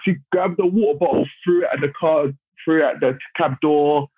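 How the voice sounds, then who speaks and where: A man telling a story on a podcast in a casual, animated way. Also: a little high, moderate pace, breathy edge. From London, England. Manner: animated, acts out other people's lines while telling stories. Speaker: podcast guest. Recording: phone-like narrow sound.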